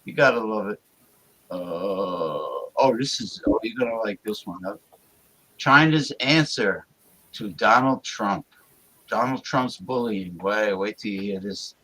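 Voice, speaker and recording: A man hosting an online talk show, excitable, often exclaiming and repeating himself. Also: fairly low pitch, unhurried, low-quality recording. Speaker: host. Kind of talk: casual call-in talk show banter.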